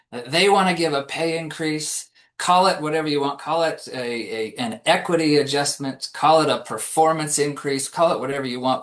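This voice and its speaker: A man's voice: a little high, a bit bright. A man presenting a business webinar in a conversational way, often restarting his sentences and acting out quotes. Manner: casual, with frequent restarts and acted-out quotes. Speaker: compensation consultant presenting a webinar.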